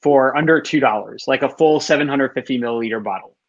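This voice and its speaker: A man's voice: mid-range voice, quick pace, highs cut off. A man telling a rambling, laugh-filled story in casual chat.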